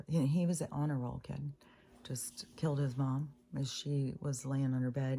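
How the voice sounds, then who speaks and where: A woman's voice: rumbling low, gravelly, warm tone. A middle-aged woman talking in a rambling, profane, exasperated monologue about society. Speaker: spiritual vlogger. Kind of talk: casual monologue.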